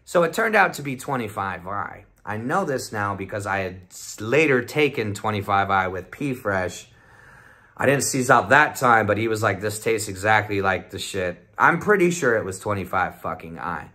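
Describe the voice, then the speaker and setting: Young dude vlogging, bright edgy voice, cussing nonstop, just rambling through the story. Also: male voice, lowish voice, animated, moderate pace. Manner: profane, rambling, swears constantly; acts out the voices of friends in quotes. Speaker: vlogger telling a trip report. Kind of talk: casual storytelling.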